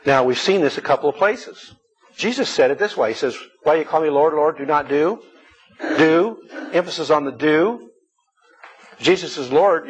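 A man's voice: medium pitch, slight background noise. A man preaching a sermon to his congregation, telling personal stories in a folksy way with repeated words. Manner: folksy, storytelling preaching with repetitions. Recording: dull lo-fi recording.

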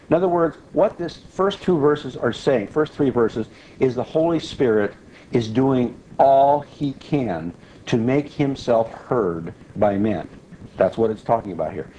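A man's voice: medium pitch, mellow, a little hiss or hum, low-quality recording. A man preaching and explaining a Bible passage verse by verse, asking questions and answering them himself. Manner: explains verses step by step, asks and answers his own questions. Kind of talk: Bible teaching sermon.

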